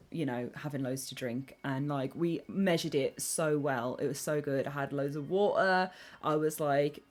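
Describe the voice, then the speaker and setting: Girl streamer, low voice, chatty and hyper, reading out chat on a desk mic. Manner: excitable, rambling, quick tangents. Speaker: game streamer. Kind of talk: casual live-stream chat reading chat aloud.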